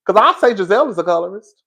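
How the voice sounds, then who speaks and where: A man hosting a casual reality TV review, talking in an animated, sassy way with frequent laughs and calling his viewers "girl.". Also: sits high, vocal fry. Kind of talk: casual opinionated commentary.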